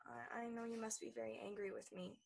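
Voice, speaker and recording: An actress playing a childlike grown woman who pleads with her stern mother in an earnest, halting way. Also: a little high, fairly even intonation, creaky, a little hiss or hum. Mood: subdued. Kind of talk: stage drama acting.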